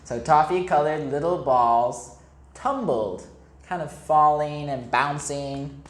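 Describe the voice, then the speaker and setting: A man's voice: a little high, takes it slowly. A man, an English teacher, reads a picture book aloud to young children, explaining words simply and asking them questions. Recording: echoey room.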